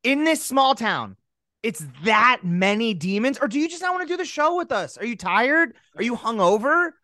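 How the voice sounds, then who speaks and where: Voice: medium pitch, very animated, normal speed, sharp tone, no echo, clean studio sound. A podcast co-host chatting casually, rambling through restarts and slipping into mock voices. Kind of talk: casual chat.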